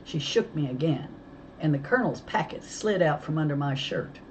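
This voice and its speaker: A woman with a low voice reads a children's novel aloud, telling the story in a lively way. The recording is slightly dull with a faint hiss underneath. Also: normal speed. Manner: lively storytelling, voicing characters. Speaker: audiobook reader.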